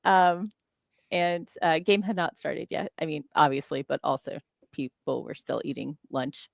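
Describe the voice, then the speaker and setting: A woman hosting a casual writing stream chat, upbeat and quick to laugh. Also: low voice, vocal fry, no room sound, clean studio sound. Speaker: stream host.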